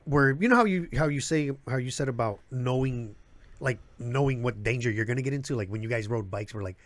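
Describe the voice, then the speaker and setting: A man's voice: mid-range voice, fairly quick, dry recording. A man from the south side of Chicago, a comedian telling wild stories in casual, profane chat and acting out the voices of the people in them. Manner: animated, acts out quoted voices, laughs through stories. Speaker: guest comedian. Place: live show venue.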